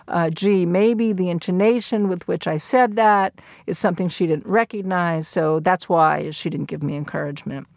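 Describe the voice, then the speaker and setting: Lady lecturing steadily, lowish voice, dry studio sound, acts out the quotes now and then. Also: creaky, no room sound. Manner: measured explanatory delivery, acts out quoted lines. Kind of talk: recorded lecture.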